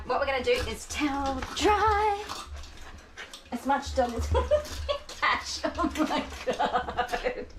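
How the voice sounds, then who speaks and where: An Australian woman grooming dogs on a livestream, chatting casually, coaxing the dogs and often laughing. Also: on the high side. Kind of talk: casual livestream chat while working. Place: grooming salon. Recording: roomy distant mic with loud noise.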